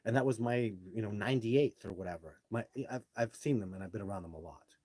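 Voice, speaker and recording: Male live-stream host, low husky voice, blunt and brash, casual delivery. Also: fast, warm tone, no echo. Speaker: live show host reading viewer comments. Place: home setup, speaking to a phone.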